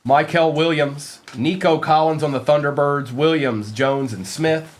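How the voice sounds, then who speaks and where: A man with a slightly high, unhurried voice hosts a live card-break stream. He calls out cards while joking with his viewers and tossing playful asides to the chat.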